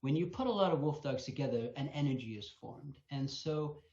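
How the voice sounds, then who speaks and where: A man at mid pitch recounts a story in a Q&A, animated and acting out the noises as he goes. His voice carries an echoey ring and a slightly muffled, dull tone. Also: a little fast. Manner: animated storyteller, acts out sounds. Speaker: wolf sanctuary co-founder. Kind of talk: storytelling in a live Q&A.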